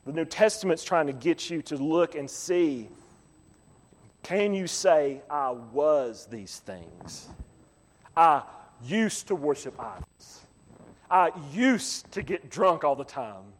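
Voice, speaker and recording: Male pastor, high voice, dramatic preaching from hush to shout, hall reverb. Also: expressive, slow. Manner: preaching with big swings from quiet to loud. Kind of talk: sermon.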